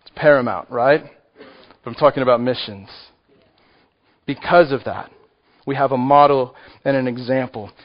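A man's voice: medium pitch, moderate pace, pauses often. A man with a Texan accent preaching a sermon, conversational and joking with the congregation. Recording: muffled lo-fi recording.

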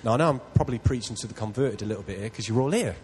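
A man's voice: mid-range voice, racing, slight background noise, low-quality recording. Earnest man preaching a sermon. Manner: earnest, self-deprecating, builds to loud excitement. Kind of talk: sermon with personal storytelling.

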